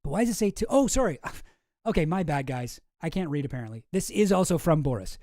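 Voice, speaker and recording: A man's voice: on the high side, sing-song, quick pace, a little mellow, no room sound, clean studio sound. A man hosting a show, reading documents on screen in casual, profane, rambling commentary that mocks himself. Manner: profane, rambling, self-mocking. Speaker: show host.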